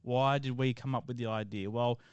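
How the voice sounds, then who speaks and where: A man's voice: mid-range voice, fairly even intonation, normal speed, clear, resonant tone, no echo, dull audio. A man from Australia with an Australian accent, co-hosting a podcast in laid-back, jokey chat. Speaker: podcast co-host. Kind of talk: casual chat.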